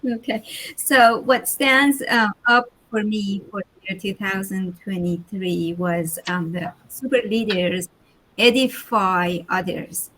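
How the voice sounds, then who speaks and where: A woman's voice: mid-range voice, takes it slowly, a bit bright, a little hiss or hum, poor audio. A woman speaking nervously and politely, thanking others on a group video call. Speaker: guest.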